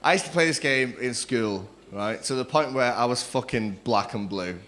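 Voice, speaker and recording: A young man doing a crude, cheeky stand-up set on a comedy club stage, acting out other people in quick quoted voices. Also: mid-range voice, fairly bright tone, slight background noise. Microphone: stage microphone.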